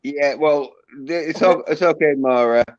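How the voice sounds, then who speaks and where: A man's voice: fairly high pitch, normal speed, highs cut off. A man hosting a livestream, blunt and heavily profane in casual chat. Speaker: livestream host.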